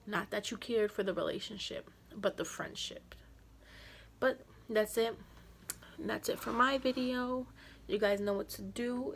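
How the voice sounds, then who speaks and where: Slangy young woman telling a story. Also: mid-range voice. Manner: animated, reenacts dialogue with slang. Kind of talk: casual story-time vlog.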